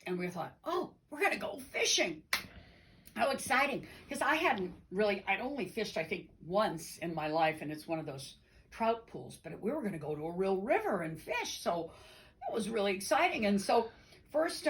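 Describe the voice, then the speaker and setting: A middle-aged woman telling a personal story to an audience in an animated, playful way, talking to them directly. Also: mid-range voice, rough recording. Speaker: storyteller and singer. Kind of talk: told personal story with sing-along.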